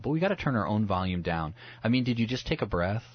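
A man's voice: lowish voice, lively intonation, fast talker, hardly any pauses, breathy edge, muffled recording. A man speaking as a pastor guest on a radio talk show, earnest and reflective, often restarting his words as he thinks aloud. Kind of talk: radio talk about the Bible.

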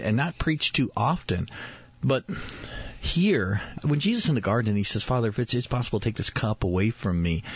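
A husky man in his thirties speaks in an earnest devotional radio talk, repeating words as he works toward each point. His voice sits low, and the recording is dry and dull like a lo-fi radio broadcast. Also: no room sound. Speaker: radio host.

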